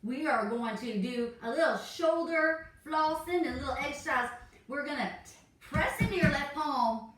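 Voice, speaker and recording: A woman's voice: sits high, moderate pace, fairly bright tone. A woman leading a joking yoga class in a goofy, laid-back way. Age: 40s. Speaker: yoga instructor. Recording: echoey room, mic far off.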